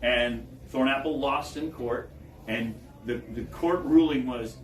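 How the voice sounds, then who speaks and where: A man giving a public talk, telling stories in an animated way and chuckling as he goes. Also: medium pitch, a little slow. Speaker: guest speaker. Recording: echoey room, distant mic, faint background noise.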